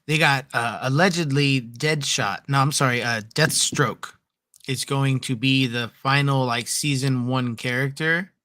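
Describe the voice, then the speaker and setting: A man with a bright, forceful voice trades quick, chipper remarks in a casual podcast chat. His sound is dry and close to the mic. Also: medium pitch, fairly even intonation, dry recording. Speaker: co-host.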